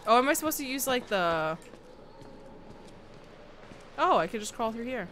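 Nervous and easily startled, a woman plays a horror game on stream, talking to chat and reading tutorial prompts out loud. Her fairly high, slightly bright voice swings widely in pitch at a moderate pace, with slight background noise.

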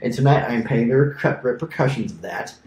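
A young man with a mid-range, slightly mellow voice co-hosts a casual podcast, speaking fast and animatedly as he rambles through a story packed with fillers and asides, laughing at his own tale. The room is echoey, and there's a faint hiss or hum.

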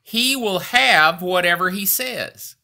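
A man hosting a faith podcast and preaching a sermon, emphatic and lively with frequent fillers and restarts. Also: sits high, slow pace, vocal fry. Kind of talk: sermon teaching.

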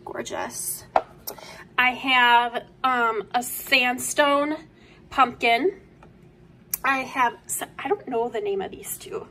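Gushing young woman, bright voice. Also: on the high side, takes it slowly, a little hiss or hum. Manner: enthusiastic, gushing, drops to soft asides. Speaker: vlogger. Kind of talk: casual show-and-tell. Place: home room.

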